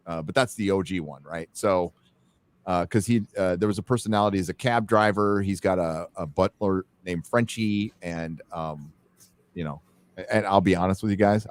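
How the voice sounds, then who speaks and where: An American man hosting a live-stream chat, talking in a blunt, rambling way with casual swearing. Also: on the low side. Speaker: host.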